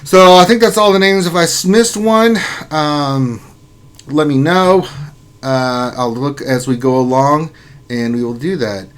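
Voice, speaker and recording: A man's voice: fairly high pitch, a little slow, clean tone. A man hosting a casual gaming livestream, reading viewers' names aloud in an upbeat, jokey way. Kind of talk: casual live-stream chat.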